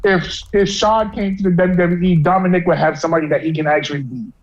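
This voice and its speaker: High-pitched podcast dude, muffled lo-fi audio, blunt jokey trash talk. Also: male voice, fairly even intonation, fast talker. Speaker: podcast co-host. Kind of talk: casual wrestling podcast banter.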